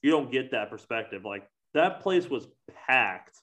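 A man talking casually among friends, his sentences wandering and packed with fillers. His voice sits at an ordinary middle pitch. He sounds relaxed and conversational. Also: a little slow. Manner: rambling, lots of "like" fillers. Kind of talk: casual chat.

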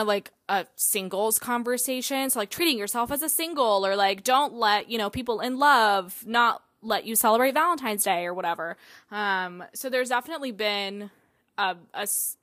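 A woman's voice: on the high side, a bit bright, dry recording. Woman, podcast host, casual solo talk, filler-heavy, dry close recording. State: out of breath.

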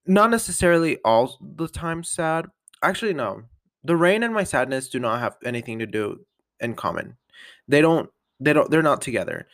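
A man's voice: a little high, very animated, moderate pace, fairly bright tone, no echo, studio quality. A man vlogging a casual catch-up, chatty and upbeat, rambling with lots of fillers and little laughs. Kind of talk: casual catch-up vlog chat.

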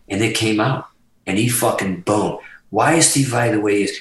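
A man's voice: on the low side, normal speed, echoey room, poor audio. A man telling a rambling road story as a guest in a casual interview, swearing constantly and jumping between thoughts. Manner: animated, profane, rambling. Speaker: guitarist guest.

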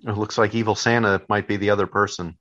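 A man's voice: on the low side, flat delivery, quick pace, a bit bright, lo-fi sound. A man wisecracking and laughing while commenting on a horror film. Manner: dry wisecracks, frequent laughter. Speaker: co-host reacting to a film. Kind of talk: casual movie commentary.

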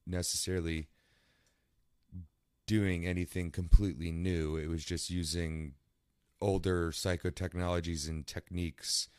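Brief: low-voiced man, podcast co-host, loose conversational riffing, dry close sound. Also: measured pace, clean tone, no room sound. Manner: conversational, many fillers, animated asides. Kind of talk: casual philosophical discussion.

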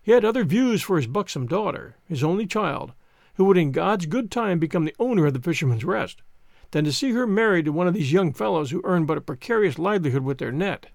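A man reading a classic novel aloud as an audiobook narrator, with an expressive storytelling delivery. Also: sits high, brisk, vocal fry, no echo, studio quality.

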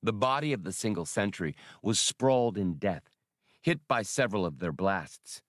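A man reads an action audiobook with animated storytelling. His voice is low but moves lively up and down. The recording is dry and close. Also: normal speed, dry recording. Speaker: audiobook reader. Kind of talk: audiobook narration.

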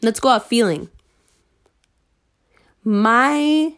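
A woman ranting to her followers, heated and sarcastic, swearing freely and at times rising almost to shouting. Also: on the high side, expressive, unhurried. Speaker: online commentator.

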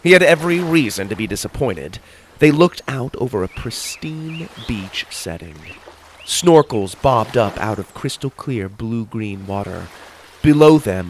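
A man narrating a children's adventure story in an expressive storytelling manner. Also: fairly low pitch, slight background noise.

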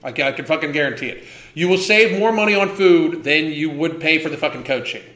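Man, 50s, host ranting on a livestream: high, bright, swears constantly, repeats himself for emphasis, echoey room. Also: lively intonation, brisk. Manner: profane, heated, emphatic repetition.

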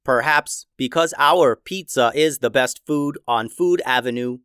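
A man's voice: medium pitch, measured pace, a bit bright, clear, resonant tone, no echo, clean studio sound, natural voice. A man voicing a robot pizza cook that speaks in stiff, formal phrases.

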